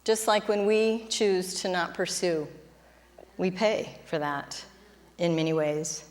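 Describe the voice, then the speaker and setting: A woman's voice: on the low side, fairly even intonation, takes it slowly, long reverb tail. A middle-aged woman pastor preaching a sermon, chatty at times, then building to fervent emphasis. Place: church sanctuary.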